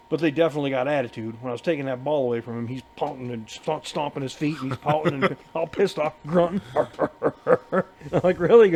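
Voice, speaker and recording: A man's voice: a little high, a little mellow, slight background noise. Laughing, rambling man telling a story. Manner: rambling, profane, laughs through his story. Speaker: podcast co-host. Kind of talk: casual storytelling chat. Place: bar.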